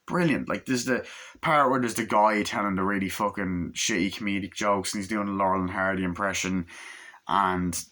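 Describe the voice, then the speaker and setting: A man talks through a movie review in a loose, swearing, rambling way. His voice sits fairly low but has a bright, forceful edge. He walks through one scene after another in a casual flow. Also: normal speed. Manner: profane, rambling scene-by-scene retelling.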